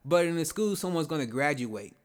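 A man's voice: on the high side, expressive, a little fast. Rambling man musing on life. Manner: rambling, repeats and restarts phrases, asks rhetorical questions. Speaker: podcast host. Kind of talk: casual reflective monologue.

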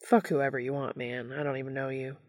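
A woman voicing a gruff, jealous young male monster hunter who answers in curt grumbles. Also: low voice, unhurried, darkish tone. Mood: gruff, unsettled.

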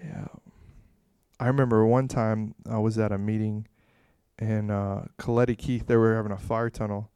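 A man telling a rambling personal story in a casual way, acting out scenes with sudden loud bursts. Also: on the low side, level tone, normal speed, clean tone, dry recording, clean studio sound. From Florida, USA. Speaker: speaker sharing a testimony.

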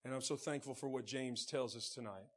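A man preaching a sermon as pastor. He calls out to the congregation and swings from soft, low passages to shouted preaching. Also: fairly quick.

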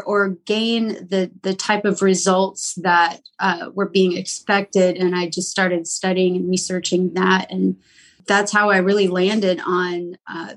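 A woman guest in a casual podcast interview, her voice sitting at an ordinary pitch. She talks thoughtfully and often circles back to restart a phrase. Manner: thoughtful, frequent restarts and fillers. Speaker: guest practitioner.

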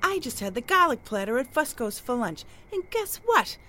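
A woman's voice: high voice, moderate pace, full character voice. Woman playing a brash, blustering neighborhood gossip. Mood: ranting. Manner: loud, blustering, lively delivery with chuckles. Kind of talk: comedic audio drama acting.

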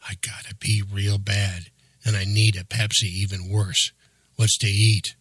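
A man's voice: lowish voice, flat delivery, unhurried, fairly bright tone, breathy edge, dry recording. A man voicing a crude, impatient young man in a story, grumbling and swearing as he talks.

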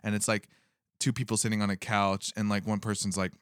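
A man's voice: on the low side, level tone, brisk, a bit bright, no room sound, clean studio sound. A male comedian chatting casually on a podcast, rambling with many fillers and swearing freely.

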